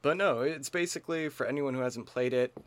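A man's voice: mid-range voice, fairly quick. A man co-hosting a comedy podcast, joking around, riffing and talking over his co-host in casual chat.

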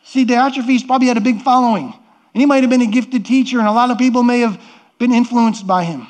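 A man's voice: very high voice, quick pace, darkish tone. A middle-aged man preaching a sermon as pastor, earnest and conversational, often repeating and restarting words.

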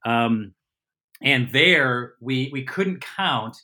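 A middle-aged man with a bright, forceful voice, chatting as a guest on a podcast. He tells his stories in a lively, rambling way and corrects himself as he goes, like a comedian at ease. His pitch sits in an ordinary middle range for a man. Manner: lively, rambling storyteller with quick self-corrections. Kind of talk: casual anecdotal storytelling.

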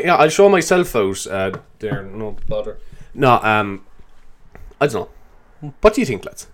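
Rambling man with a lively, jumpy voice. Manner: self-mocking, rambling, laughs often, voice jumps high. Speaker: comedy show host. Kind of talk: rambling improvised comedy monologue.

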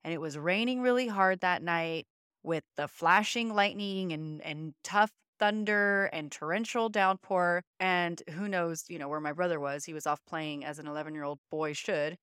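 A woman's voice: lowish voice, normal speed, a bit bright, clear, resonant tone, dry recording, studio quality. A woman podcast co-host telling a personal story in an earnest, emotional, conversational way. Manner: earnest, emotional, uses many fillers.

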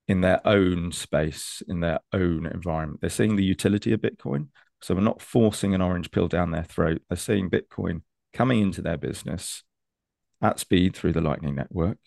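A man's voice: low voice, gravelly, darkish tone, no echo, clean studio sound. A man, an enthusiastic and persuasive consultant explaining ideas on a video call. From United Kingdom. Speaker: Bitcoin consultant.

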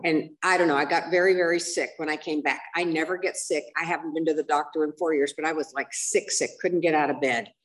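An older woman gives candid personal testimony at a recovery meeting, rambling and mocking herself with many fillers and asides. Her voice sits low with fairly even intonation, delivered quickly with hardly any pauses, and it's picked up from a distance.

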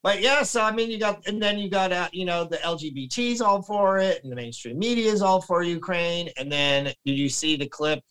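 A man with a notably high speaking voice rants through a casual podcast conversation. He rambles and gets heated, often dropping into mocking impressions of other people. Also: a little fast, hardly any pauses, a bit bright, smooth, rough recording. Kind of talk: casual ranting chat.

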